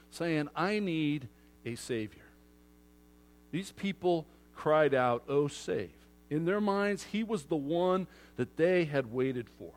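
A pastor preaches a lively sermon to his congregation, acting out the voices of a crowd. He swings between loud outbursts and hushed asides, and his voice is a little high.

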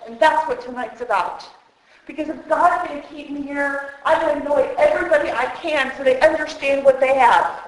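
A woman with a high voice and a moderate pace preaches at a women's conference, heartfelt and emotional as she speaks directly to listeners. She uses a handheld microphone, and the hall is heavily echoey.

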